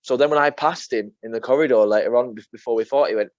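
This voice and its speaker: A young MMA fighter appears as a guest, chatting casually and rambling through stories while swearing and saying "mate" again and again. His medium-pitched voice is fast, and the recording has a dull lo-fi sound with no room sound.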